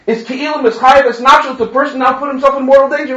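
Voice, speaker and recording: A man with a high voice delivers an animated religious lecture, telling anecdotes and stumbling over repeated words. He sounds roomy and far from the mic on a dull, lo-fi recording. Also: quick pace. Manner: animated storytelling with stammered restarts. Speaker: Torah teacher.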